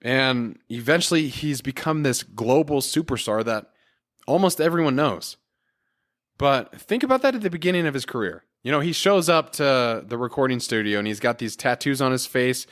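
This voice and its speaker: A man's voice: mid-range voice, animated, moderate pace, fairly bright tone. A man hosting a solo motivational podcast, talking in an earnest, encouraging and casual way with everyday fillers. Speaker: podcast host.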